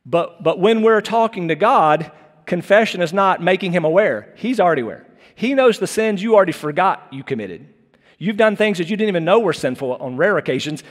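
A male pastor delivers a sermon in an earnest, conversational way, often doubling back on his words. His voice sits somewhat high for a man. The sound carries a long reverb, as in a large hall. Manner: earnest, conversational preaching with repeated restarts.

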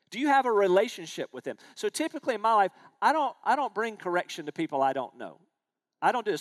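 A man, speaking high in his range as a pastor gives a sermon. He preaches conversationally, posing questions to the congregation and weaving in stories from his own life. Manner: conversational preaching with rhetorical questions and personal anecdotes.

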